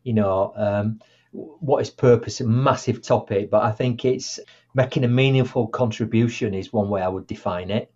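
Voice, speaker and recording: A man's voice: fairly low pitch, normal speed. A man, a guest speaker and author, telling stories in a podcast interview and acting out quotes. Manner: animated storyteller, acts out quotes. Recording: muffled lo-fi audio.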